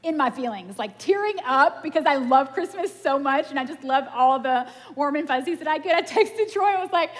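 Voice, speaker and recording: A woman giving a casual, animated sermon in a church, telling stories and laughing at herself. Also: high voice, fast talker, few pauses. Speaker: preacher. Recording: long hall reverb.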